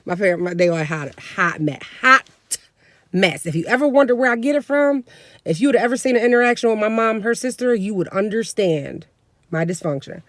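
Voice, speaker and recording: A woman in her thirties telling a family story in a casual, slangy vlog, animated and laughing along. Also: medium pitch, brisk, no room sound. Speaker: vlogger.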